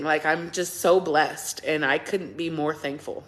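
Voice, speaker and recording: A woman's voice: low-pitched, steady tone, measured pace, few pauses, fairly bright tone. A middle-aged woman hosting a casual livestream, chatting and thanking viewers by name, often laughing. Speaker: livestream host reading viewer comments.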